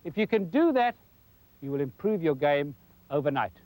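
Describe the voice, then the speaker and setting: A man's voice: a little high, big pitch swings, normal speed, dark tone, no room sound, rough recording. A man giving a folksy golf lesson for television, demonstrating as he talks. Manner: folksy, demonstrating while talking. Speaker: golf instructor. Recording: 1990s television broadcast.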